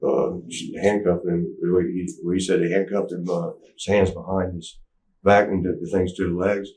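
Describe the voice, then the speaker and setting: A man's voice: deep voice, flat delivery, moderate pace, darkish tone. A middle-aged man telling a rambling, stop-start story in a candid interview. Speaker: interview guest. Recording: echoey room, distant mic.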